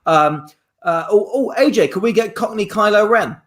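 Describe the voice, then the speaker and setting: A man's voice: high voice, moderate pace, a bit bright. A man hosting an improvised comedy livestream, reading out suggestions in a playful, rambling way. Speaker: improv show host.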